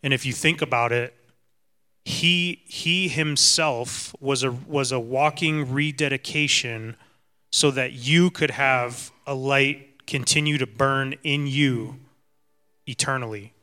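A man reading scripture and giving a calm, reflective sermon to a congregation. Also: medium pitch, slow pace, clear, resonant tone. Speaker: co-teacher in a congregation.

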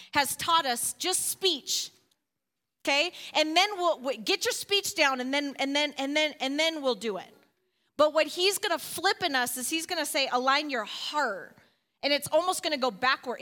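A woman with a very high, bright voice, talking about faith in a lively, preachy way. She keeps her tone animated and often slips into acting out quoted voices. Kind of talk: faith-based casual discussion.

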